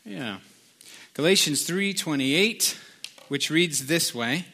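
A man's voice: fairly high pitch, expressive, slow, pushed and bright, slightly rough. A middle-aged man preaching a sermon, telling a joke and reading scripture in a loose, conversational way with plenty of fillers. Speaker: pastor.

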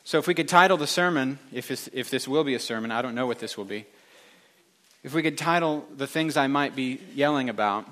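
A man's voice: mid-range voice, a little fast, a bit bright. A middle-aged male pastor giving a casual, rambling sermon with wry asides and self-corrections. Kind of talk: conversational sermon.

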